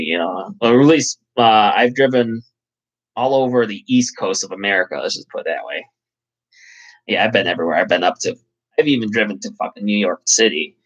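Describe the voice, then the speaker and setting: A man's voice: fairly low pitch, a bit bright, rough recording. A man hosting a casual live chat, rambling and swearing, with lots of fillers. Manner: rambling, profane, full of fillers. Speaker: channel host.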